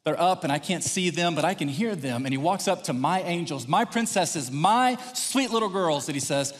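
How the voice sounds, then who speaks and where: A pastor from Texas preaching a sermon, telling personal stories with lively acted-out quotes. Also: male voice, on the high side, moderate pace, hardly any pauses. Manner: animated, acts out quotes in raised voice. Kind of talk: sermon storytelling. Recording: long hall reverb.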